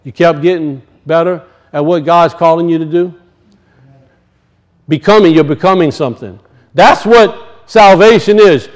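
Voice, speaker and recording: High-voiced man preaching a sermon. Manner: emphatic, slows to teach words, drops low and soft for weight.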